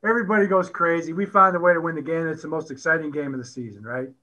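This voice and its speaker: Animated middle-aged male coach, high bright voice. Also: fast, poor audio. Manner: animated storyteller who acts out quotes and laughs often. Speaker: head football coach. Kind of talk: storytelling at a conference talk.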